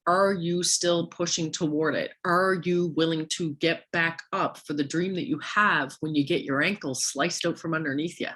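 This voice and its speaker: Hoarse woman coaching with bright voice. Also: low-pitched, steady tone, normal speed, hardly any pauses. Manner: fires off rhetorical questions at the listener. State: hoarse, worn-out voice with coughing. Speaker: sales team coach. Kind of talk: motivational coaching talk.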